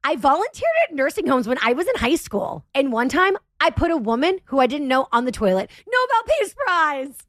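A woman podcast host telling a comedic story in a profane, animated, self-mocking rant. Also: high voice, brisk, few pauses, no echo, studio quality.

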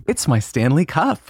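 A man's voice: fairly low pitch, no room sound, studio quality. A young man co-hosting a podcast in casual, campy comedic chat, slipping into playful put-on quotes. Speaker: podcast co-host.

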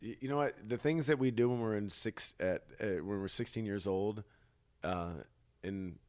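A man's voice: on the low side, moderate pace, a little mellow. A young man guesting on a podcast, chatting casually with a playful, self-mocking sense of humor. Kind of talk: casual chat.

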